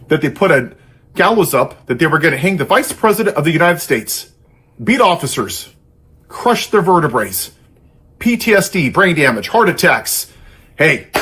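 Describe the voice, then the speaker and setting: A man's voice: fairly high pitch, a bit bright, husky. A man giving an angry, sarcastic political monologue in an impassioned, ranting way. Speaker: political commentator.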